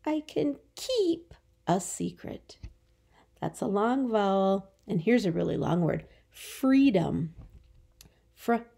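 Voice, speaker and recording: A woman's voice: medium pitch, lively intonation, takes it slowly, creaky, warm tone. A woman teacher giving a remote phonics lesson to young children, stretching out her words in a patient, encouraging way.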